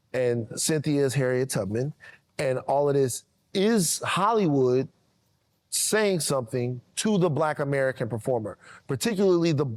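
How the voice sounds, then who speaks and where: A man talks as a guest on a podcast, choosing his words with care. He circles back over phrases before he lands his point, in a voice of middling pitch. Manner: thoughtful, measured, repeats himself while he gathers his words. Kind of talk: podcast conversation.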